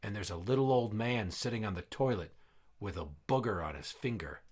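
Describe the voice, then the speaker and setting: A man with a lively, swinging voice rattles off crude old jokes as an exasperated dad. He swears freely and huffs when the jokes fall flat. His pitch rides up and down through every setup. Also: fairly quick, slightly rough. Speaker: comedy podcast host. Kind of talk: comedic joke-telling skit.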